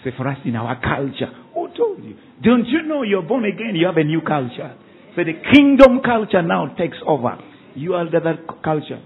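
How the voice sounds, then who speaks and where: Preacher on a tinny line. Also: male voice, fairly high pitch, very animated, breathy edge. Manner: call-and-response preaching, rapid rhetorical questions. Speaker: pastor. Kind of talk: sermon. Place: church service. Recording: tinny phone-like sound, faint ambience.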